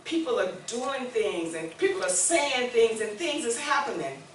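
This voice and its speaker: A woman in her sixties preaches in a conversational way that rises to emphatic declarations, her voice pitched a touch high. She is caught from some distance in a very echoey church room. A faint hum of ambience sits underneath. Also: sing-song, moderate pace. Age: 60s. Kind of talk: sermon with call-and-response.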